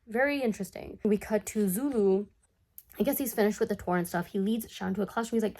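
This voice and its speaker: A woman's voice: medium pitch, quick pace. Sarcastic, chatty woman recapping a cartoon. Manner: animated, sarcastic, chatty asides. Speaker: commentary YouTuber. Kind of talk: casual comedic recap of a cartoon.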